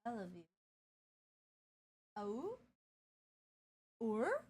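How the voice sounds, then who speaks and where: A young woman streaming and chatting in a casual, playful way. Her voice sits high and swoops up and down with lots of life. She swears freely as she talks. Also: huge pitch swings, drawn-out words, a little mellow, slightly rough. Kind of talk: casual chat.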